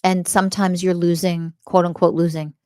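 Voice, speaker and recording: A woman's voice: lowish voice, level tone, moderate pace, a little mellow, dry recording, clean studio sound. A woman podcast host teaching spirituality in a blunt monologue, swearing often and firing rhetorical questions, repeating key phrases for emphasis.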